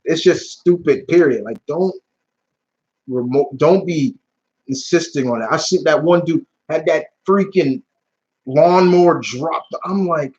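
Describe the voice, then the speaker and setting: A man's voice: fairly high pitch, unhurried, husky, muffled recording. A man hosting a live question-and-answer stream, chatting casually and telling rambling stories full of slang. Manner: rambling, animated storytelling with slang and restarts. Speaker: YouTube channel host answering live chat questions.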